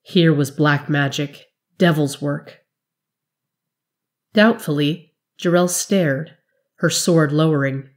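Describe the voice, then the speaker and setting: This is a fantasy story read aloud by a woman whose voice is low. She narrates the fiction in a dramatic yet measured, steady way.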